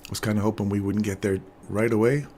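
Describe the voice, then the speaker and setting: An older man talks casually through a live trading session, chatting with viewers between remarks on the charts. His voice sits low, and a faint background noise runs under the recording. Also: fast. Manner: chatty, laughs often, animated when storytelling. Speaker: trading stream host. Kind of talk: casual live-stream commentary.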